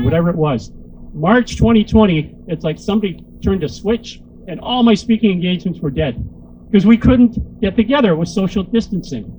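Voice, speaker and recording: A man's voice: high-pitched, dark tone, a little hiss or hum, poor audio. A man, a motivational speaker and corporate trainer, giving a joking, crude, rousing speech to a crowd into a handheld microphone.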